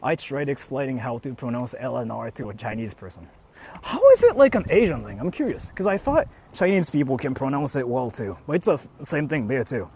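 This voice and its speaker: Walking around outside, this young man talks to his live-stream audience in a medium-pitched, expressive voice that's brisk, a little mellow, and slightly rough. His loose, rambling chatter is packed with "like" fillers and restarts.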